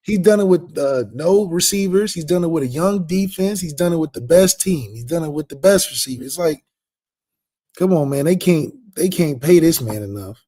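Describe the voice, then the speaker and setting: A man co-hosting a podcast, talking sports in an emphatic, excitable way and laughing often. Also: a little high, normal speed. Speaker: podcast co-host. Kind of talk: casual sports chat.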